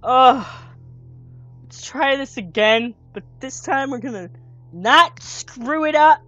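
A woman's voice: high-pitched, lively intonation, slow, fairly bright tone, dull audio, soft background music. A woman commentating a horror game she is playing, jumpy, screaming and swearing when startled. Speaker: let's play gamer.

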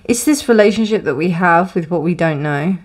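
Woman, low voice, casual tarot reading, rambling, lots of fillers. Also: animated, brisk. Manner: rambling, many restarts and fillers. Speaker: tarot reader. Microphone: close, dry room with windows closed.

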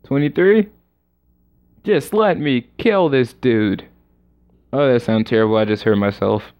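A man's voice: medium pitch, measured pace, darkish tone, clean tone. A man giving let's-play commentary while gaming, groaning in mock exasperation. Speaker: gamer. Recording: lo-fi muffled recording.

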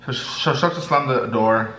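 A young man vlogging while eating, telling a story in a lively way and acting out the people in it. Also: mid-range voice, normal speed. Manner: animated, acts out the people in his story. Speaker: mukbang vlogger. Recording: echoey room, faint background noise.

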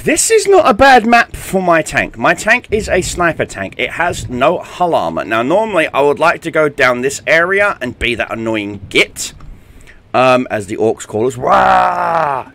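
A young British gaming YouTuber gives chatty, joking gameplay commentary packed with ums and uhs. He has a medium-pitched, fairly bright voice.

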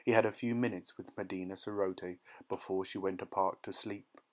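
A man narrating an audiobook short story in a soft, gentle dramatic reading style. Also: low voice, steady tone, normal speed. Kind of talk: scripted narration.

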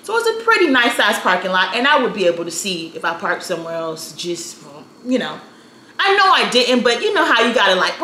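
Sassy vlogger woman in her 30s, bright and animated, echoey room. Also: a little high, brisk, a little hiss or hum. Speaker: storytime vlogger. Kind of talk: casual storytelling. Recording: roomy echo, faint ambience.

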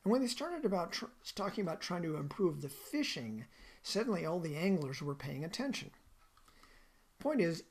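A woman's voice: deep voice, a little mellow, breathy edge. A woman giving a recorded lecture in a conversational way, often asking the listener questions.

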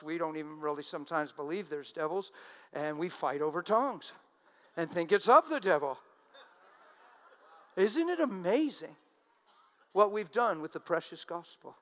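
A male preacher with a high voice delivers a sermon in an animated way. He stretches out the words he quotes, slowing right down to press each phrase home. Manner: animated, drawn-out emphatic quotes.

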